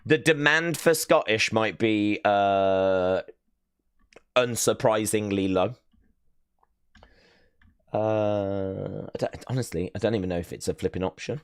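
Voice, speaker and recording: A man hosts a live stream in a relaxed, unhurried chat. His voice is smooth and fairly low, and he rambles good-naturedly with plenty of fillers as he reacts to his viewers. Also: dry recording, studio quality. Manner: chatty, rambling, self-mocking, with fillers. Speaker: streamer hosting a watch-along.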